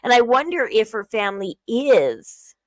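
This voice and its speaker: High-voiced woman chatting on her stream. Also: big pitch swings, unhurried, no room sound. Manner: rambling, many fillers and restarts. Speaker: streamer host. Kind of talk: casual livestream chat.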